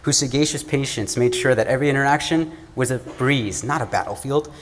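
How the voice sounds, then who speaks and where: A young man from the American Midwest giving an earnest, measured, oratorical student speech at an event. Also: medium pitch. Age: young adult. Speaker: student speaker. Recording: long hall reverb, faint room noise.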